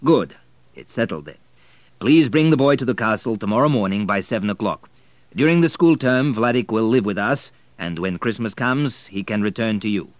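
Guy doing a calm polite baron, low voice, lots of lilt, dry audiobook sound. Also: no room sound, natural voice. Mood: decisive. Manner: measured, courteous. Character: aristocratic baron, middle-aged man, composed and kindly. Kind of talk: audiobook reading.

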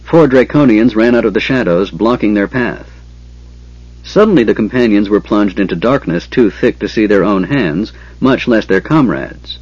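A man narrating an audiobook with steady, measured storytelling. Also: fairly low pitch, slightly rough, no echo, dull audio.

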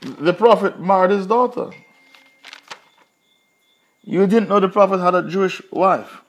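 A man's voice: sits high, a little slow. Emphatic man telling a religious story. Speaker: Quran teacher.

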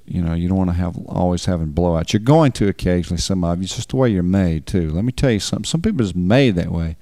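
A man's voice: low-pitched, fast, dark tone, no echo. A man preaching on marriage in a folksy, emphatic way, repeating words for stress. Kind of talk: sermon.

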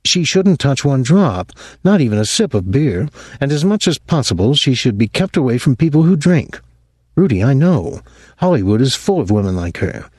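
A man's voice: mid-range voice, sing-song, moderate pace, a little mellow, husky, dry recording, studio quality, pitched above the performer's own voice. A man reading an audiobook, voicing a worried woman who talks in an urgent, pleading way. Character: young woman, earnest and worried.

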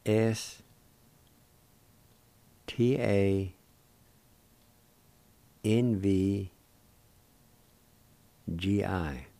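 Slow, careful man teaching pronunciation. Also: low-pitched, gravelly, dark tone, dry recording. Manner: spells and sounds out words syllable by syllable. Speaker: Cherokee language teacher and radio host. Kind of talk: radio language lesson.

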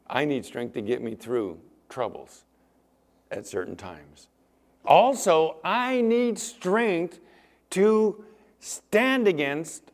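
A man preaching a sermon as pastor, acting out Bible scenes in different voices. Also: mid-range voice.

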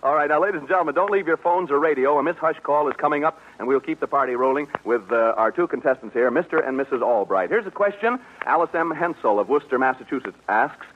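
A fairly high-voiced male emcee with a cheerful, ribbing delivery, chatting up contestants and playing to the crowd. The sound is dull and boxy, like an old radio broadcast, with a faint hiss underneath. He keeps things bouncing along in a studio setting. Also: expressive, fast, hardly any pauses. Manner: jovial, teasing, often laughing. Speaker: game show host. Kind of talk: radio game show emceeing.

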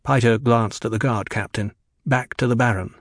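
A man reads an audiobook aloud, his delivery steady and measured like a storyteller's. The mid-range voice comes through at studio quality with no room sound at all.

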